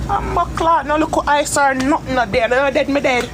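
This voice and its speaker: High-voiced Jamaican woman, emotional rant. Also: expressive, fast talker, hardly any pauses, noisy background. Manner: emotional, rambling rant in Jamaican Patois with heavy swearing. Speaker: content creator. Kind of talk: casual talk to camera.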